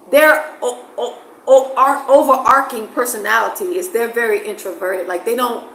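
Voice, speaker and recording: An expressive woman from the States, chatting casually to camera. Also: medium pitch, roomy sound, slight background noise, poor audio. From United States. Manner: expressive, animated, laughs often. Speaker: vlogger.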